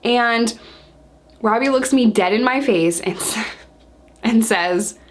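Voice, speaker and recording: A young woman telling her own story to camera in casual talk, animated and acting out what she once said. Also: on the high side, slow pace, slight background noise. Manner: animated, acts out her own past lines.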